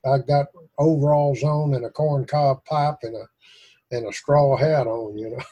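A man's voice: mid-range voice, steady tone, unhurried, warm tone, husky, highs cut off. A man with a Tennessee Southern accent, hosting a prayer group over a video call in a folksy, joking way. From Tennessee, USA. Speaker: host of an online prayer group. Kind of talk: casual chat on a video call.

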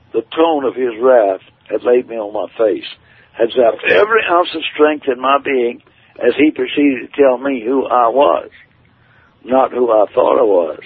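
A man's voice: medium pitch, moderate pace, slightly rough. Man preaching over a tinny radio line. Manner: earnest, emphatic storytelling with quoted voices. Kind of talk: testimony sermon. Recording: tinny phone-like radio broadcast.

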